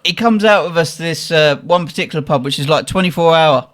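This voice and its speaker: A man's voice: a little high, quick pace, a bit bright. A man, hosting a casual podcast and telling a story with laughter and acted-out quotes. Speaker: podcast host.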